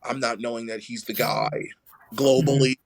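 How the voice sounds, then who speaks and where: A young adult man telling a story in casual conversation, animated and full of "like" fillers, acting out the quoted dialogue. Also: medium pitch, moderate pace, gravelly. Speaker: rugby player, podcast guest.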